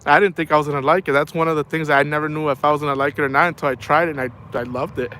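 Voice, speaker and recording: Rambling middle-aged man, slightly high voice. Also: steady tone, racing, bright, forceful tone. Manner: rambling storytelling, says man a lot. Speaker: livestream host. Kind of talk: casual livestream chat.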